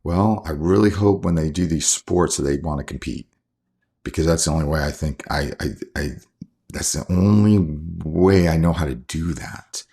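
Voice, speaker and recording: A man's voice: a bass voice, normal speed, warm tone, husky. A man in his forties, a coach and father, talking earnestly and from the heart in a casual interview, often restarting his sentences. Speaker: coach and father, podcast guest.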